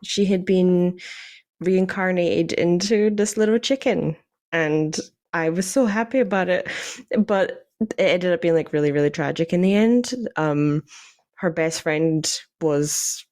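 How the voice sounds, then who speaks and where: Young Scottish woman, podcast guest, lower voice, chatty and animated, quick to laugh. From Scotland. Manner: animated, laughs often, many fillers. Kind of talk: casual chat, storytelling.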